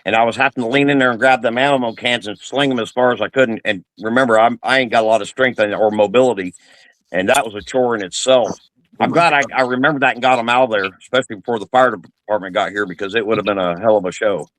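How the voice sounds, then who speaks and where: A man's voice: medium pitch, quick pace, a bit bright, no room sound, rough recording. A man in casual chat, telling a story in a plain-spoken way.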